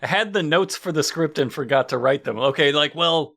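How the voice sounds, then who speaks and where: A man's voice: a little high, normal speed, creaky, bright, forceful tone. A man co-hosting a comedy podcast, rambling and joking about a film while acting out bits of dialogue. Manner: rambling, joking, acts out lines. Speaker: podcast co-host. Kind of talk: casual comedic movie discussion.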